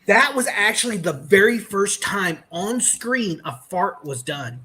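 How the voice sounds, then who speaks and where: A man chatting casually on a podcast, telling stories in a halting way with many restarts and fillers. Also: high voice, lively intonation, pushed and bright. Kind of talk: casual chat.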